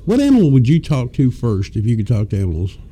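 A man's voice: medium pitch, huge pitch swings, quick pace, warm tone. A man hosting a talk show, telling rambling, crude comic stories into a studio mic. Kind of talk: casual comic storytelling. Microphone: studio microphone.

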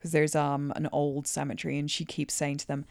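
A woman's voice: deep voice, flat delivery, a little fast, creaky, a little mellow, no echo, studio quality. A woman co-hosting a casual film review podcast, recapping the plot with playful asides. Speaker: podcast co-host.

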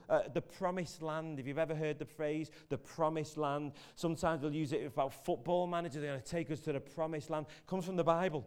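A man's voice: fairly high pitch, fairly even intonation, fast, few pauses, a little mellow, clear, resonant tone. A man giving a chatty, jokey sermon in a church, telling the story with many restarts. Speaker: preacher. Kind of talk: casual sermon.

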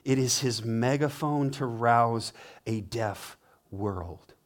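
A man who is a pastor preaching a sermon, swinging from hushed to emphatic and acting out quoted complaints in a whining voice. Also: slow pace. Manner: dramatic, acts out quoted complaints in a higher whining voice.

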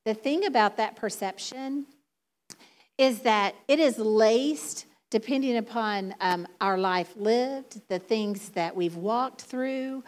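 Southern woman, casual church sermon, conversational and quick to laugh, slightly high voice. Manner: chatty, laughs often, many fillers. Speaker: church speaker. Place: church sanctuary before a congregation.

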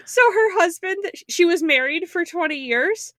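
A young woman with a high, bouncy voice co-hosts a podcast, answering with quick reactions and teasing jokes. The sound is dry and close. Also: expressive, a bit bright, dry recording. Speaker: podcast co-host. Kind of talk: casual chat.

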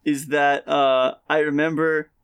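A man's voice: on the high side, level tone, unhurried, fairly bright tone, smooth. A young man co-hosting a podcast, telling school stories and laughing as he goes. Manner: laughs through his stories. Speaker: podcast co-host. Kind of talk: casual chat.

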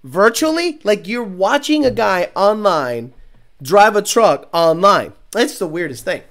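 A man's voice: high-pitched, animated, measured pace, a bit bright. A man hosting a car show stream, reading viewer comments aloud and ranting in a mocking, profane, casual way. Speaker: car show host reading live chat.

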